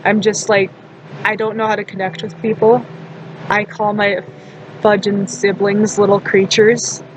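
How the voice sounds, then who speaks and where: A woman with a mid-range, level voice talks a little slowly in a casual storytime vlog. Blunt and profane, she rambles with frequent laughs, fillers, and restarts, on a low-quality recording with a slight hiss or hum.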